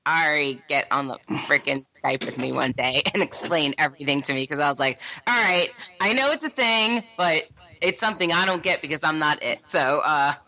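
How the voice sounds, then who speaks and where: Bright-toned frank woman. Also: deep voice, fairly even intonation, a little fast. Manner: frank and joking, laughs often. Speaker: podcast guest. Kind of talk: round-table discussion.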